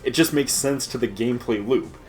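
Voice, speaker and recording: A man's voice: mid-range voice, fairly quick, faint music behind. Man ranting with swearing and laughs. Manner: profane ranting, laughs often, mocks quoted voices. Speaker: let's play host. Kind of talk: casual gaming commentary.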